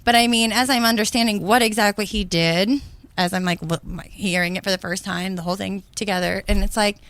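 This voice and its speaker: A podcast co-host shares blunt opinions in a rambling, casual way, leaning on lots of fillers. Her mid-range voice is fairly quick and a bit bright, with fairly even intonation and no room sound.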